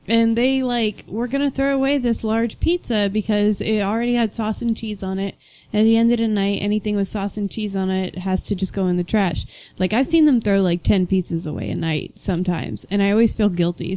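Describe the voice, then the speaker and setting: Young woman, podcast co-host, animated storyteller, dry close sound. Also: medium pitch, brisk, dry recording. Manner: animated storyteller, acts out voices in her anecdotes. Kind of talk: casual chat.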